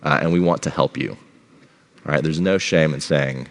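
A middle-aged pastor delivers a sermon in an extremely low, unhurried voice. He keeps it conversational, checking in with the congregation by asking "all right?"

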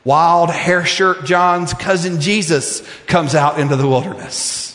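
High-voiced preacher in an echoing hall. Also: male voice, measured pace. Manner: impassioned preaching, rising to shouts and dropping to hushed prayer. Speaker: pastor. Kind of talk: sermon. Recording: echoey hall with long reverb.

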